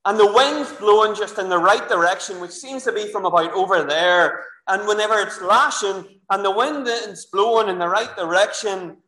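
Lively Northern Irish minister in an echoey church. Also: male voice, high-pitched. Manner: lively storytelling, addressing children and congregation directly. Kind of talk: sermon. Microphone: clip-on microphone.

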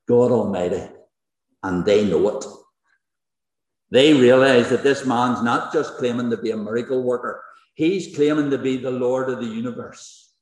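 The same male pastor, mid-range in pitch and darkish in tone, addresses a congregation in a large hall that carries a long, echoing reverb. He is emphatic, leaning on rhetorical questions and phrases he says again and again.

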